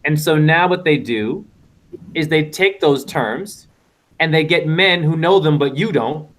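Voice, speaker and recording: A man's voice: on the high side, unhurried, fairly bright tone. A man hosting a casual online panel, lecturing in a rambling way with wordplay over a video call.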